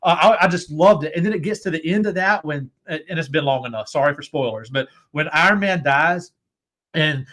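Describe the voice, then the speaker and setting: Middle-aged guy hosting, bright sharp voice, gushing and rambling, a bit high. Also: fairly quick. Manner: enthusiastic, rambling fan talk. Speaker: host. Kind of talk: casual chat.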